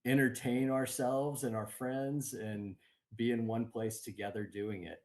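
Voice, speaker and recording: A man, a board game company guest, talking in an upbeat, relaxed way over a video call, with many ums. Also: mid-range voice, unhurried. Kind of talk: casual interview chat. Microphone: remote video call.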